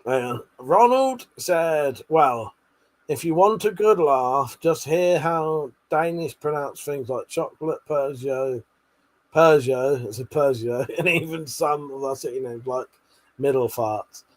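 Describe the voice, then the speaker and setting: A man's voice: a little high, unhurried. A man hosting a casual late-night livestream, reading out chat messages with lots of swearing, laughter and joking banter.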